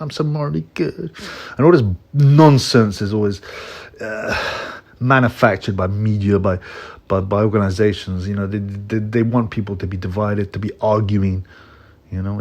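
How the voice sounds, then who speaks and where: A man ranting casually about a news story in a mocking tone, laughing often and repeating words as he goes. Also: fairly low pitch. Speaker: boxing commentary vlogger.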